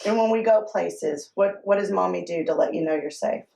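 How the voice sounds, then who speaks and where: Gravelly-voiced mother, halting storyteller. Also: lowish voice, dark tone, rough recording. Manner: halting, personal storytelling with pauses. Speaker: mother of a transgender child. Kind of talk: documentary interview storytelling.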